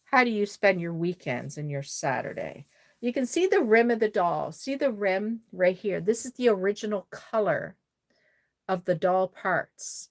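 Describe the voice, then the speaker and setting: Livestream host: chatty woman, Cape Breton Canadian accent, lowish voice, effusive with viewers. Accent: Maritime Canadian (Cape Breton). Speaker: doll-making livestream host. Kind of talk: casual livestream chat with viewers.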